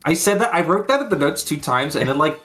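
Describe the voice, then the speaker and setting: A man's voice: a little high, lively intonation, quick pace, fairly bright tone, soft background music. Rambling, foul-mouthed man recapping cartoons. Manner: rambling, swears freely, laughs often. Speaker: podcast co-host. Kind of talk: casual chat recapping episodes.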